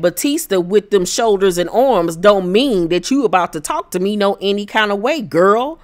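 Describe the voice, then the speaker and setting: A woman recapping a reality show episode in a sassy, animated way, acting out quotes with shifting pitch. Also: normal speed, hardly any pauses.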